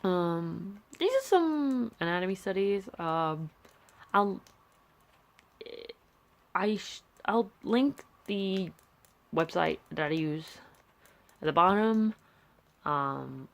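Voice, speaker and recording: A woman's voice: on the low side, lively intonation, slow, vocal fry, long pauses. A young woman chatting casually and rambling with many fillers and restarts, filming on a handheld camera. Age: young adult. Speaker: art vlogger. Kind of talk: casual chat.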